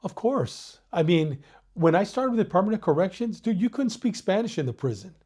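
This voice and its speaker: An older man from Mexico who retired as a police detective recounts stories in a casual interview, animated and full of profanity, with "dude" and "you know what I mean" throughout. His high voice is husky and brisk.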